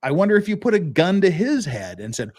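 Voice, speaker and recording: A man's voice: high-pitched, very animated, fairly quick, a little mellow. A man hosting a live-stream legal commentary show, ranting in a profane, sarcastic and exasperated way.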